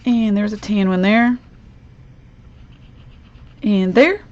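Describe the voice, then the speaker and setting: A woman's voice: mid-range voice, steady tone, slow pace, pauses often, dull audio. A woman hosting a live crafting demonstration, chatty and upbeat, talking viewers through each step at her craft desk.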